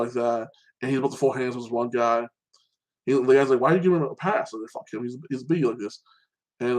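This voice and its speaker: A medium-pitched man hosts a show where he casually recaps and reviews TV episodes, heard on a low-quality recording. He rambles, restarts his sentences a lot, and frequently says "like this."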